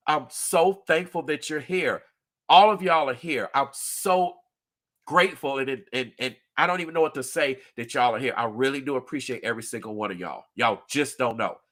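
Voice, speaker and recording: A man's voice: fairly high pitch, pushed and bright. A man hosting a livestream, talking earnestly and emphatically to his viewers and repeating himself often. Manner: talks directly to viewers. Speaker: livestream host. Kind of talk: livestream commentary.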